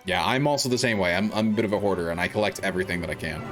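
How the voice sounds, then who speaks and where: A man's voice: sits low, rapid-fire, music in the background. A man streaming a video game, chatting casually with his viewers and rambling, with lots of fillers and restarts. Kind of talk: casual gaming commentary.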